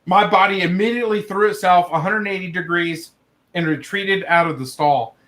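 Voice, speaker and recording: High-voiced young man reading stories aloud. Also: normal speed, fairly bright tone. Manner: laughs through the reading, breaks off to react with swearing. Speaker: livestream host reading viewer stories. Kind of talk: casual livestream reading.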